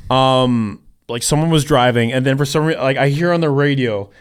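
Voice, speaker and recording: A man's voice: medium pitch, normal speed, smooth. A man co-hosting a casual podcast, telling a story in a rambling way with lots of fillers, restarts and laughter. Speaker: podcast co-host. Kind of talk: casual chat.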